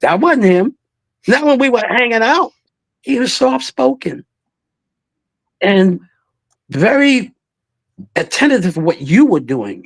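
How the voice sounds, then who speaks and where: In an interview, a man in his eighties who is a veteran singer tells animated stories in a high-pitched voice, recorded without room sound. He performs the voices of the people in his tales and laughs often.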